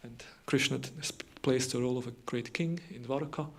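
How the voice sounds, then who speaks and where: A man's voice: mid-range voice, a little fast, creaky, slightly rough. A man giving a devotional morning lecture, retelling scripture in a loose conversational way with frequent fillers and restarts.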